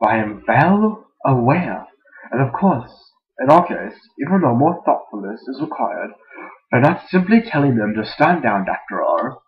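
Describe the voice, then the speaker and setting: Dude doing a bossy pony girl with a goofy fake german-british accent, loud, lo-fi mic. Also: medium pitch, sing-song, measured pace. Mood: pompous. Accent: mock German-British mix. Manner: loud, exaggerated, pompous. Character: bossy rich filly, young girl pony. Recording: dull lo-fi home mic.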